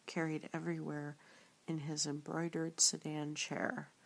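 A woman reading a story aloud in a soft, often whispered way. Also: low-pitched, creaky, breathy edge. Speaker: reader.

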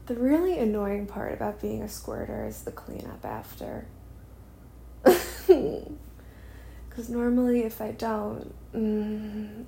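A young woman talking in an intimate adult audio monologue, breathy and sighing, drifting between her voice and a whisper, close to the microphone. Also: medium pitch, expressive, slow pace, pauses often, warm tone, slight background noise.

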